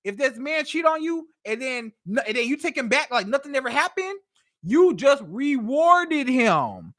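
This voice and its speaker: Lively, high-pitched woman giving dating advice. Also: moderate pace. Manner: animated, emphatic, acts out a cheating man. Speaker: dating coach. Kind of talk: livestream advice talk. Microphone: livestream setup.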